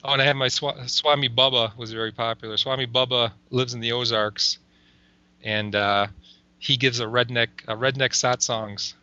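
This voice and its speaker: A man with a very bright, sharp-edged voice chatting loosely as a guest and laughing often between his filler-heavy sentences. The sound is dull and lo-fi. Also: medium pitch, fairly even intonation, normal speed, clear, resonant tone, dry recording. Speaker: comedy video maker, guest. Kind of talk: casual interview chat.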